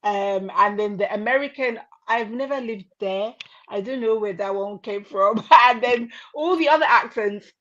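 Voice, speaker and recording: Bright, energetic woman, lo-fi. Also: mid-range voice, moderate pace. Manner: energetic, laughing, slips into put-on voices. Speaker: guest. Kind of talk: casual interview chat.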